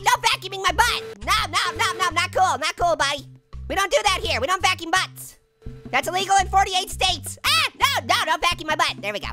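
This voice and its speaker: A man voicing a hyper, wisecracking male talking orange, giggly and squeaky, making puns and teasing while playing a video game. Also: heavily acted. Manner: excitable, teasing, bursts into shouts. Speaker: gaming channel host character. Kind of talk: let's play commentary.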